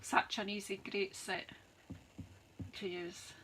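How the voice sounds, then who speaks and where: A woman's voice: mid-range voice, flat delivery, slow pace, sharp tone, a little hiss or hum, low-quality recording. A woman hosting a live craft stream, chatting to viewers as she rattles off sale prices like an auctioneer. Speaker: craft demonstrator, host. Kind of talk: live-stream product walkthrough.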